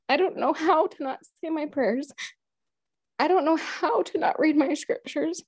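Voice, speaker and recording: A woman in her thirties telling a deeply personal story, earnest and heartfelt, quoting her own prayers and thoughts. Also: a little mellow, no room sound. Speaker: guest sharing a personal story.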